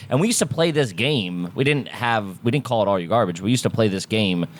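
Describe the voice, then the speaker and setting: A man's voice: medium pitch, lively intonation, quick pace, hardly any pauses. A man from Philadelphia, a comedian guest on a podcast, telling loose, profane stories in casual chat and laughing often.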